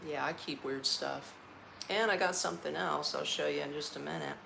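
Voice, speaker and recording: A woman's voice: deep voice, steady tone, normal speed, gravelly, background noise. A woman from Orlando, Florida, chatting casually on a live stream from her apartment, tired and eating as she talks, laughing often and using folksy slang. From Orlando, Florida, United States. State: tired, eating while talking. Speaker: vlogger hosting a live stream.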